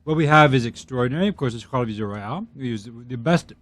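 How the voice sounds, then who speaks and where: A man's voice: medium pitch, expressive, brisk, fairly bright tone, slight background noise. A man who runs a bakery, talking in a studio, enthusiastic and proud of his product. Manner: enthusiastic, proud salesman patter. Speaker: bakery owner. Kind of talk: casual studio chat. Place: radio studio.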